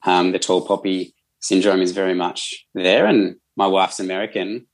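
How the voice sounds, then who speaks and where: A man's voice: sits low, little pitch movement, normal speed. An Australian man, a counsellor, explaining his work in a thoughtful, earnest way as a podcast guest. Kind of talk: casual conversational interview.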